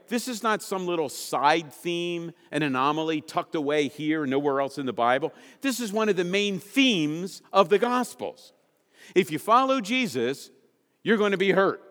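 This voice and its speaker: A man's voice: a little high, lively intonation, normal speed, a bit bright, big-room sound. A man preaching a sermon to his congregation, asking rhetorical questions and repeating key lines for emphasis. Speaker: pastor.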